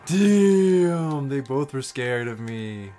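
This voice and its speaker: A man streaming a shooter game, commenting casually with loud, swearing, trash-talking outbursts. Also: medium pitch, moderate pace, a little hiss or hum. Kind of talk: gameplay commentary.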